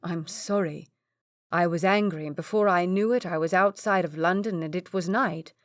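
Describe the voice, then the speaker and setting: A woman's voice: fairly low pitch, moderate pace, no room sound, studio quality, close to an everyday voice. A woman reading as Philip, a repentant young earl. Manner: apologetic.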